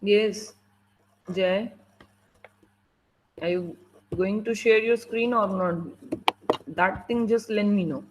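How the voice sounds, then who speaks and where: A woman's voice: medium pitch, steady tone, slow, pauses often, rough recording. A woman teacher with an Indian English accent running an online class over a video call, strict and impatient as she prods students to answer.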